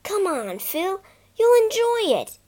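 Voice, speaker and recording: An excitable, bossy boy, bold and teasing, as a woman reader puts him on. His lines leap up and down in a lively storybook reading. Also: very high-pitched, slow pace, voice pushed up, heavily acted. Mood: eager bossy.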